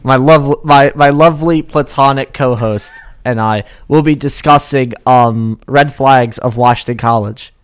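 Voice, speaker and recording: Young man, mid-pitched, dry, sarcastic, casual co-host. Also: unhurried, hardly any pauses, smooth. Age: 20s. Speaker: podcast co-host. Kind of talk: casual podcast chat.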